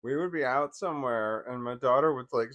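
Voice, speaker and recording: A man in his forties casually telling personal stories, wry and laughing at first, trailing off into bitter quiet. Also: medium pitch, brisk. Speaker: vlogger.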